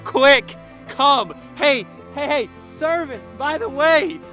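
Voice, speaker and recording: Man voicing a delighted, generous father, higher than his own voice, bright tone, eager commands. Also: slow, faint music behind, heavily acted. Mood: overjoyed. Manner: eager, commanding servants in bursts. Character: overjoyed generous father welcoming his son.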